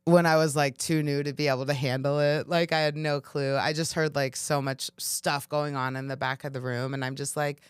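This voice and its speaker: Smooth-voiced woman telling stories animatedly. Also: sits low, moderate pace, hardly any pauses, no room sound, clean studio sound. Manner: animated storyteller, laughs often, acts out dialogue. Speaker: stand-up comedian, interview guest. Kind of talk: casual interview chat.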